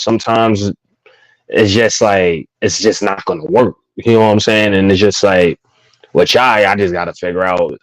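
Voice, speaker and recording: A man with a fairly low voice talks in casual conversation, reflective and relaxed, often trailing into fillers. The sound is dry and close. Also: no echo, rough recording. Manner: laid-back, reflective, full of fillers. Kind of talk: casual chat.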